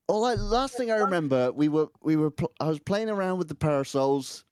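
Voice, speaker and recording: A man's voice: a little high, expressive, moderate pace, clean tone, no echo, studio quality, lightly acted. A man playing a confused parasol shop owner in a put-on American accent, giggling often. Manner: bright and gushing in character, laughs often. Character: flustered male parasol shop owner, cheery then confused.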